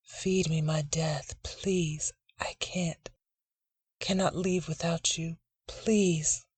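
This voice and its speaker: A reader performs a monstrous, towering girl in a dark short story, her voice hushed and breathy. She pleads softly and close to the ear. The sound is dry and intimate. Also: mid-range voice, fairly even intonation, very slow, no echo, far from the mic. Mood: pleading. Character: monstrous wronged girl, tall, sharp-toothed.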